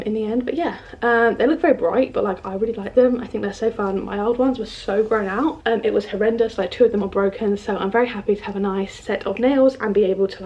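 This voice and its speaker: A woman's voice: mid-range voice, darkish tone, lo-fi sound. A young woman in her twenties from the UK chatting casually to camera as a book vlogger at home by her bookshelf, bubbly and full of "like" and "um". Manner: chatty, bubbly, filler-heavy with lots of "like" and "um". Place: home room in front of a bookshelf.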